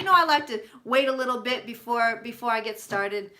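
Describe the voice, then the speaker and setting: A woman's voice: fairly high pitch, fairly quick, few pauses, sharp tone, slight background noise. A woman hosting a casual live-stream tarot reading, chatty and profane, greeting viewers by name as she talks. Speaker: psychic tarot reader.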